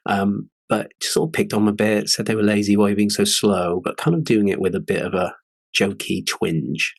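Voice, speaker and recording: A man's voice: on the low side, no echo. A man in his forties hosting a podcast, telling personal stories in an earnest, candid way. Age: 40s. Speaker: podcast host. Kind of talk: casual podcast chat.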